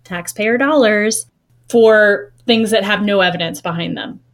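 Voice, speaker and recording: A woman's voice: mid-range voice, a little slow. A woman co-hosting a casual podcast, making her point earnestly in long, running phrases. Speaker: podcast co-host.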